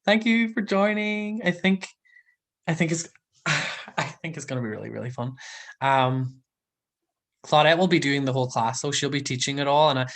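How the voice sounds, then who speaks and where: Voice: medium pitch, normal speed, long pauses. A livestream host chatting casually and rambling through viewer comments, with frequent ums and giggles. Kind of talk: casual live chat reading viewer comments.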